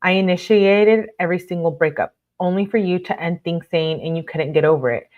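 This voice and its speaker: A woman's voice: on the low side, a little fast, highs cut off. A woman hosting a casual live stream, reading documents aloud and breaking off to react with blunt outrage and lots of fillers. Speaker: livestream host reading court documents.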